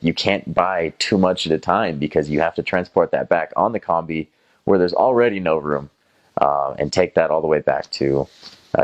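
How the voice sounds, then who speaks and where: The audio is dull on this deep-voiced young Southern American man from North Carolina, USA, a former missionary telling casual first-person stories. He rambles with many fillers and restarts and mimics voices.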